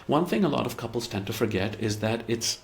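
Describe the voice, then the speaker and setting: Medium in pitch, creaky, and brisk, his voice carries a lively intonation. The therapy practice head explains relationship communication conversationally, repeatedly getting stuck on words and role-playing bits of dialogue.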